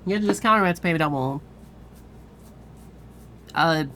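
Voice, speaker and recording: A woman's voice: deep voice, moderate pace, a bit bright, a little hiss or hum. A woman streamer chatting casually, swearing freely and laughing often. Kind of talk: casual live-stream chat.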